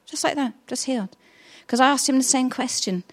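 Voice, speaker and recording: A woman's voice: sits high, fairly quick. A middle-aged woman preaching a sermon, telling stories in a chatty, earnest way. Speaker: pastor.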